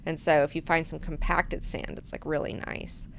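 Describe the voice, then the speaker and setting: A woman hosting a book club, casually recapping chapters in an animated, chatty way with plenty of swearing. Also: sits low, moderate pace, gravelly, slight background noise. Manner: animated, profane, chatty retelling.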